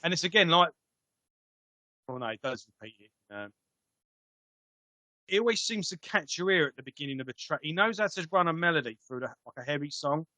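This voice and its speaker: A man's voice: on the high side, animated, a little fast, long pauses, pushed and bright, dry recording. A man co-hosting a podcast, chatting casually and agreeably with lots of hesitant "yeah"s. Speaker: podcast co-host. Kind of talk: casual chat. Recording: dull dry lo-fi mic.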